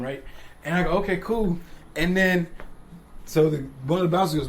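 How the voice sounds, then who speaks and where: A man's voice: a little high, quick pace. A young man casually telling funny stories, laughing often and acting out the other people's lines. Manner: laid-back, laughs often, swears freely; acts out dialogue in shifting voices. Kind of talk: casual storytelling.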